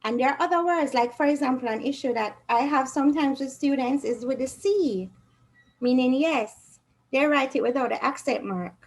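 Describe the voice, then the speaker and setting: A woman's voice: sits high, moderate pace, rough recording. A woman teaching a Spanish revision class, patiently quizzing her students with questions.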